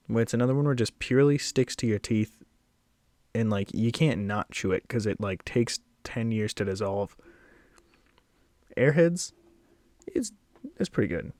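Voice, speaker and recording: In his casual solo snack-rating video, the young reviewer wanders off-topic, runs himself down, and hands out blunt verdicts while slightly winded. His voice sits on the low side and is a little mellow, with no echo.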